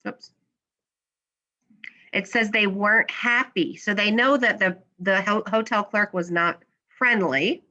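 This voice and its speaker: A woman's voice: medium pitch, takes it slowly, long pauses, bright, forceful tone, dull audio. A woman teacher giving a classroom slideshow lesson, patiently asking questions and then answering them herself.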